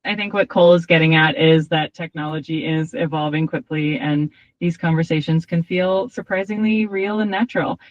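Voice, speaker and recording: A woman's voice: sits low, normal speed, hardly any pauses, dry recording. AI assistant woman's voice: upbeat and polite, dull lo-fi speaker sound, dry. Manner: polite, upbeat, even-tempered. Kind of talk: cheerful assistant replies.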